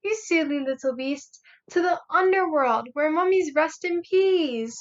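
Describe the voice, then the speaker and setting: Young woman doing cheerful little chihuahua dogs, chirpy, sing-song, high, lo-fi muffled. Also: unhurried. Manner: chirpy, sing-song, mock Spanish words. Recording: muffled lo-fi recording.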